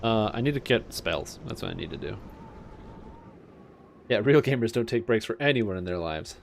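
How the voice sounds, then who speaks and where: A man's voice: fairly low pitch, expressive, normal speed, gravelly, slight background noise. A young Canadian man streaming a game, with a Canadian accent, rambling and joking in casual, self-mocking commentary.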